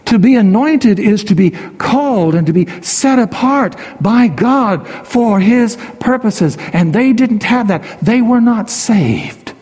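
A man's voice: high voice, expressive, takes it slowly, few pauses, darkish tone, husky, big-room sound. A man preaching a sermon as pastor, emphatic and repeating key phrases for stress, his voice rising and falling widely.

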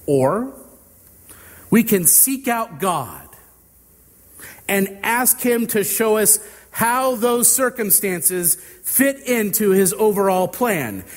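A male pastor preaches in a measured, drawn-out manner, leaning on pauses. His voice sits a little high and moves very slowly. A long reverb trails behind him. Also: lively intonation. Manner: slow, deliberate storytelling with drawn-out phrases. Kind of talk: sermon with illustrative story.

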